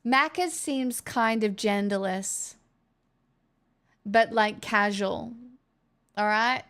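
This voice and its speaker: A woman's voice: medium pitch, slow pace, a bit bright. A woman with an Australian accent, chatting casually and playfully with her stream viewers, joking and laughing often. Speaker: live streamer.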